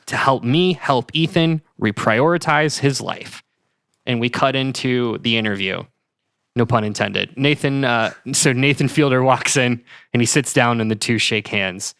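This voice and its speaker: This podcast co-host has a bright, mid-range voice and tells stories in an animated way, laughing often during casual comedic chat. The sound is clean and studio-quality, with no room sound.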